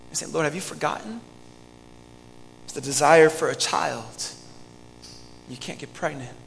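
A male pastor preaches with a high, bright voice, earnest and pleading with his listeners. He moves between loud emphasis and hushed lines. His voice carries the long reverb of a church hall. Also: vocal fry. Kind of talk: sermon.

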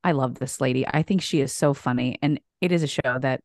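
A woman with a low voice chats as co-host on a video call, bubbly and gushing. The sound is close and dry, with no room around it. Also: darkish tone, no echo. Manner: bubbly and gushing, quick to laugh. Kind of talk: casual chat.

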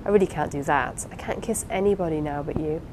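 A woman reading the part of an impulsive, warm-hearted young wife in an audiobook, with an eager, pleading, apologetic manner. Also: low-pitched, fast talker, slight background noise, close to an everyday voice, poor audio. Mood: anxious.

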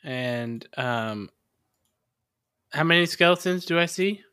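A man's voice: fairly high pitch, expressive, takes it slowly, sharp tone, clear, resonant tone, no room sound, studio quality. A man playing a tabletop game, brash and teasing, swearing freely. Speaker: player.

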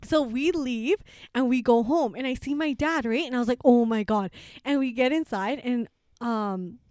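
Chatty woman in her twenties, high voice. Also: normal speed, no echo, studio quality. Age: 20s. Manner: animated storyteller, acts out family quotes, laughs often. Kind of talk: casual chat.

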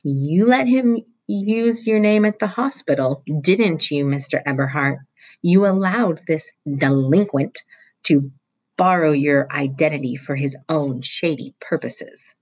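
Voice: medium pitch, a little slow, husky. A teacher reading a novel aloud voices a stern middle-aged female vice principal who speaks acidly and accuses. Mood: accusing. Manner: acid and accusing.

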